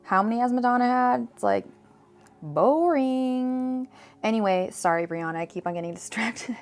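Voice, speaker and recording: Woman tarot reader on a live stream, chatty, rambling, mid-pitched voice, faint music behind. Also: fast. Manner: chatty, digressive, frequent fillers and restarts.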